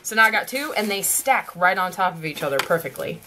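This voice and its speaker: A woman's voice: lowish voice, lively intonation, a little fast, noisy background. A young woman with a Southern US accent, gushing and giggling as she opens gifts in a casual home vlog. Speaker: vlogger. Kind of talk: casual gift-opening vlog. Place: at home by her desk.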